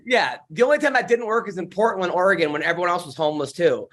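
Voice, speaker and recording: A man's voice: high voice, fast, a bit bright. A man telling stories on a comedy podcast, casual chat, rambling with lots of fillers and restarts.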